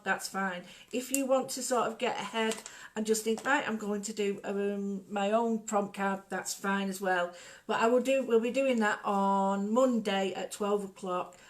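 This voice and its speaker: A middle-aged woman talks through an art project in a loose, casual way. She is chatty and jokey and wanders off into stories. Her voice sits at an ordinary middle pitch for a woman. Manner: chatty, digressive, jokey storyteller. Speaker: art workshop host.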